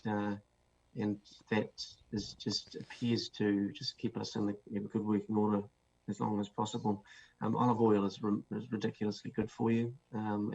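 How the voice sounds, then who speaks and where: A man's voice: lowish voice, creaky, darkish tone. A man with a New Zealand accent, a guest author explaining his ideas with many fillers and restarts. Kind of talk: interview answers. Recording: dull lo-fi sound with faint noise.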